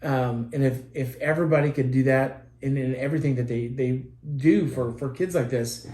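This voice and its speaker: A man's voice: medium pitch, normal speed, dark tone. Parent podcast co-host, male, mid-range voice, earnest and rambling, recorded in a roomy space. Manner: earnest, rambling, with many restarts. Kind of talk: casual podcast chat. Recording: roomy echo.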